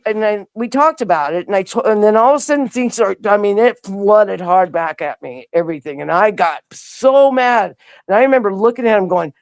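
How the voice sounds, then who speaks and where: A woman's voice: medium pitch, animated, brisk, a little mellow, smooth, dry recording. Woman guest, plain mid-range voice, close dry sound, rambling storyteller who acts out the quotes. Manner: acts out quoted dialogue with a rising voice; rambling, with frequent restarts. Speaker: interview guest. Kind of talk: conversational storytelling.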